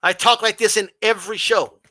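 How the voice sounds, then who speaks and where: His voice sits high and moves fairly quickly, with no room sound in the recording. Hosting a boxing stream, the man reads live chat and pushes back confrontationally, using pointed rhetorical questions and mocking a flat monotone.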